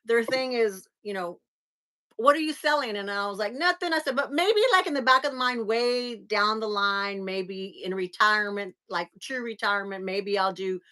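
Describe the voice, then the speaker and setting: A woman's voice: medium pitch, normal speed, hardly any pauses, pushed and bright. A middle-aged woman hosting a livestream, chatting casually and reading viewer comments aloud. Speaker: livestream host. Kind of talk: casual live chat.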